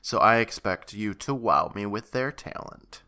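A man co-hosts a podcast, reacting with wry, animated banter. His voice is low, yet bright and forceful, and it swings widely in pitch. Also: a little slow. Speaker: podcast co-host. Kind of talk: casual chat.

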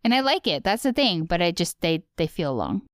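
A woman's voice: lowish voice, big pitch swings, fairly quick, no room sound, clean studio sound. A woman co-hosting a casual podcast chat, recapping cartoon episodes and acting out quotes as she goes. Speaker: podcast co-host.

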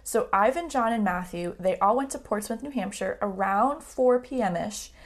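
A woman co-hosting a casual true-crime podcast, relaxed as she tells the story, with frequent fillers. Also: medium pitch, moderate pace. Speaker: podcast co-host.

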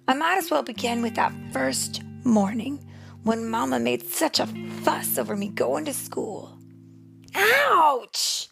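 A young mother reading a picture book aloud to her child, expressive and slow, sometimes dropping into a whisper. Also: fairly high pitch, gravelly. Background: soft guitar music.

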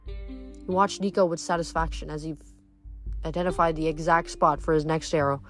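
Brief: woman narrator reading a book, fairly low voice, steady and reflective, soft music under her. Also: moderate pace. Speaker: book reader. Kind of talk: reading a novel aloud.

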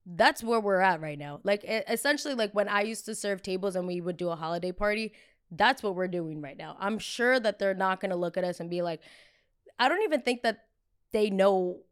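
A young woman tells a story on her podcast in a loose, chatty way, her voice sitting at an ordinary middle pitch. She leans on "like" constantly and acts out what others said with sudden leaps in pitch and loudness. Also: fairly quick, clean tone. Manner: animated, acts out quoted people with big jumps in pitch and loudness; chatty, heavy use of filler "like". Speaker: podcast host. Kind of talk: casual storytelling.

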